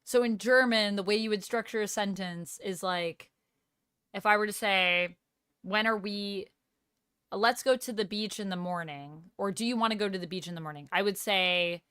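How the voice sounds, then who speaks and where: A woman streamer talks casually with her chat, reading messages aloud and answering them one by one. Her voice is smooth and clean, at a middle pitch. The sound is dry and close, with no room in it. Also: measured pace, long pauses, bright, forceful tone, no echo. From Canada. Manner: reads out chat and chats back, tries out phrases with a light laugh.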